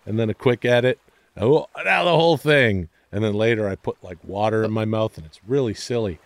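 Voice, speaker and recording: A man's voice: on the low side, brisk, no echo. A man telling comic stories on a podcast, loose and profane, slipping into silly voices for the people he quotes. The sound is dry and close, with no room around it. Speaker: podcast guest. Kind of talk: animated comedic storytelling.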